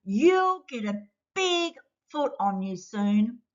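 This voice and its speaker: A woman's voice: on the high side, very animated, takes it slowly. A woman voicing a cheeky little booger creature with a playful, chatty storybook voice. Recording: dull lo-fi sound.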